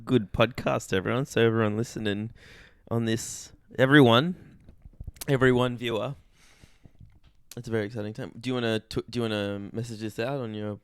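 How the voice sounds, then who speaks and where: A man's voice: medium pitch, steady tone, smooth, no room sound. A man co-hosting a comedy podcast, teasing and arguing points in casual banter. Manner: teasing, quick to argue a point. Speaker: podcast co-host.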